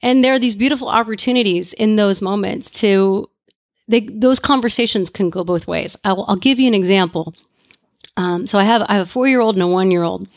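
A woman in her thirties, a parenting expert guest telling candid, animated stories on a podcast. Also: medium pitch, a little fast, no room sound, studio quality. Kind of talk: casual podcast conversation.

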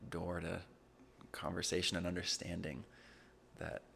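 Young male guest, low gravelly voice, earnest and reflective, faint room noise. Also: monotone, unhurried, fairly bright tone. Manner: earnest, reflective, many fillers. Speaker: podcast guest. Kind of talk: casual conversation.

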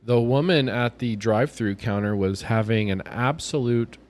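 A man's voice: medium pitch, moderate pace, a little mellow. A man casually chatting on a podcast, telling rambling anecdotes and acting out the people in them. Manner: rambling anecdotes, acts out voices in quotes. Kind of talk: casual chat, storytelling.

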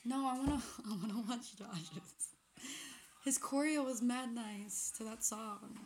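A woman's voice: fairly high pitch, measured pace, a little hiss or hum. A young woman co-hosting a casual podcast, rambling with lots of fillers and laughing often. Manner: laughing, rambling with many likes. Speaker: podcast co-host. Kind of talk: casual chat.

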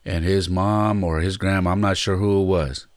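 Very deep-voiced man telling a story. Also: normal speed, no room sound, studio quality. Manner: relaxed, reflective, with frequent fillers. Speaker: podcast host and baseball coach. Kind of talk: casual storytelling monologue.

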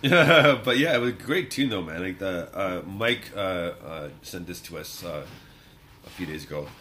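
A man's voice: low-pitched, normal speed, pushed and bright, slight background noise. A man co-hosting a podcast, telling stories in a casual, rambling way and laughing often. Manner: laughs often, rambling storytelling with many fillers. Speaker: podcast co-host. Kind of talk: casual chat.

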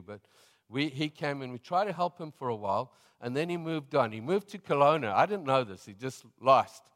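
A middle-aged man with a South African accent, a pastor preaching a sermon and telling stories in a relaxed, chatty way, laughing often. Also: mid-range voice, big-room sound. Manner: conversational storytelling, laughing often.

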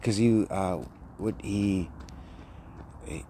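Man vlogging outdoors, lowish voice, loose rambling delivery, traffic noise behind. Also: normal speed, darkish tone. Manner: rambling, slangy, says "dude" a lot. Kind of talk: casual rambling monologue.

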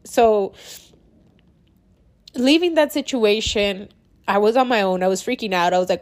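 A woman's voice: medium pitch, a little slow, long pauses. A young woman talking candidly in a personal vlog, casual and confessional, using "like" and "bro" a lot and swearing freely. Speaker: vlogger.

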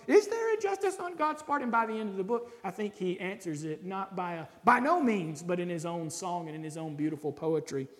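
A man preaching a sermon, reading scripture with dramatic rises in loudness and pitch and dropping to soft, casual asides with fillers. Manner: conversational with occasional laughs and fillers. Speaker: pastor. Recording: long hall reverb.

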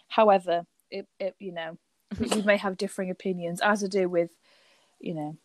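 A woman in a relaxed chat who rambles through her points and keeps restarting them. She sits at mid pitch. Her voice sounds dry and close. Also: fairly quick, no echo. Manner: rambling, many fillers and restarts. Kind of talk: casual chat.

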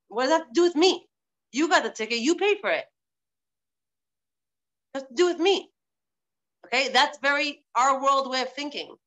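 A woman's voice: sits high, expressive, a little slow, pauses often, a bit bright. A woman teaching a live online religious class, stressing points by repeating phrases, over a video call.

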